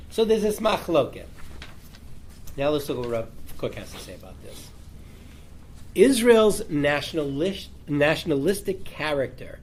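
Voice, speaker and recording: A man's voice: medium pitch, slight background noise. A rabbi teaching a class, reading out a Talmud passage and explaining it with rhetorical questions to his students. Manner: reads the text aloud, then explains it with rhetorical questions.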